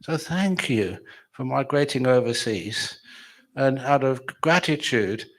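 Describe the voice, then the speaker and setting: A man's voice: mid-range voice, lively intonation, slow. A man giving a chatty, humorous dharma talk at a retreat, telling stories and laughing with his audience. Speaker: meditation teacher.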